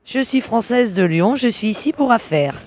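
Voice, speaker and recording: A woman with a fairly high voice, leaning on the ends of her words. The sound is dry. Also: lively intonation, normal speed, a little mellow, no echo. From France. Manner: stresses word endings. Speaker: journalist in a dialogue. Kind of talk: recorded conversation in French.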